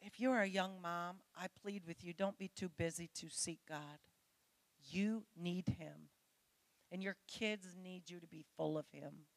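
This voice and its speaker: A woman's voice: fairly low pitch, measured pace, creaky, no echo. A middle-aged woman preaching a sermon to women, earnest and pleading as she speaks straight to her listeners.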